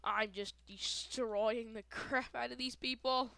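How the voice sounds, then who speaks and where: A woman giving playful, shouty gameplay commentary full of silly chanted sound effects. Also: fairly high pitch, fairly even intonation, slow pace, creaky, dry recording. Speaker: gaming video creator.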